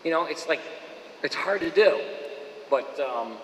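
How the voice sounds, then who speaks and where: A man from Boston, a voice actor telling stories at a fan Q&A, animated and dropping into quick impressions. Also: on the high side, a little hiss or hum. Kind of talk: casual anecdotal chat. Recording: echoey hall with long reverb.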